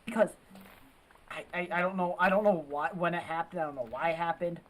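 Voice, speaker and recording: A woman's voice: on the low side, fairly quick, poor audio. A woman chatting casually, stammering and swearing often. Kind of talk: casual chat.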